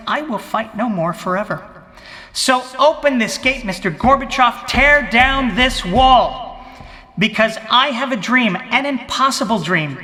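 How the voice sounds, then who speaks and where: A man's voice: sits high, bright, forceful tone, in a large hall, full character voice. A man doing a pompous blustering president. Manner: grandiose, declaiming speech cadence. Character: pompous blustering male president giving an inaugural speech. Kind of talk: comic impression, mock political speech.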